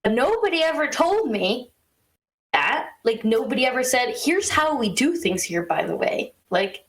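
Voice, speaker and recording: A woman co-hosting a podcast, telling a story in a casual, animated way with quick asides and exasperated laughs. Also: on the high side, low-quality recording. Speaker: podcast co-host.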